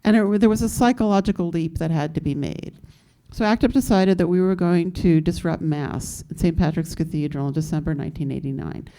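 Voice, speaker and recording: A woman in her fifties with a lowish, warm voice speaks briskly on a panel, candidly recounting stories from her activist past with fillers and laughter.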